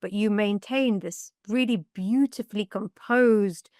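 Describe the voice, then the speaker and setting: A young woman recounting a personal story on a podcast, animated and quick to laugh, slipping into the voices of the people she quotes. Her voice sits in an ordinary middle range and comes across dry and close, with no room sound around it. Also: medium pitch, dry recording. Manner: lively, laughing retelling with quoted dialogue. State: emotional, close to tears. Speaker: podcast guest.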